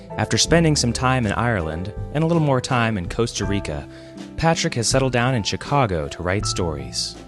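A man hosting and narrating a fiction podcast in a wry, deadpan manner. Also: low-pitched, no room sound. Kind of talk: scripted narration.

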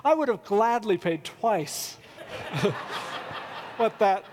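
A man's voice: high voice, animated, slow, a little mellow. A male pastor preaching a conversational sermon and telling a humorous personal story. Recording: long reverb of a large hall.

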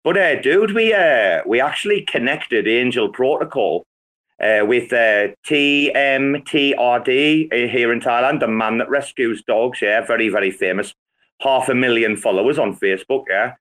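A man's voice: mid-range voice, moderate pace, fairly bright tone. A young British man, a regular on a crypto chat call, swearing and teasing theatrically in casual banter.

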